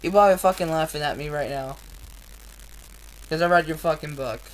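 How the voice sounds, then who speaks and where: A woman reading a novel aloud on a live stream, earnest and deliberate, with blunt, profane asides between passages. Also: low voice, poor audio. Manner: slow, earnest reading with frequent swearing in asides.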